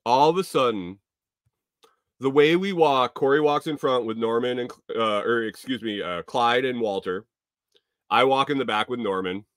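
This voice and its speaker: A man hosting a podcast, telling a casual, rambling story full of profanity that now and then rises to loud exclamations. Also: medium pitch, moderate pace, no room sound, clean studio sound. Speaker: podcast host.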